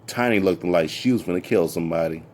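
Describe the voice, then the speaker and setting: A man casually telling a story from his past, animated and full of repeated "I'm like" asides. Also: sits low, quick pace, a little hiss or hum.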